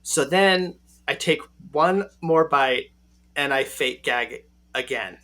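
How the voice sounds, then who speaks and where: A man in his forties telling a personal story as a podcast guest, animated and checking in with "right?" at the end of his sentences. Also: fairly high pitch, slow.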